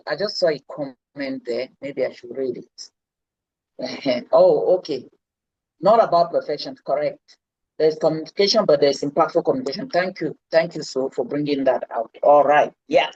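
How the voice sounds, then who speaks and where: A woman's voice: sits low, moderate pace, darkish tone, slightly rough, no room sound, lo-fi sound. A woman coaching public speaking in a live online lesson, stressing and repeating her key words. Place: indoors, seated.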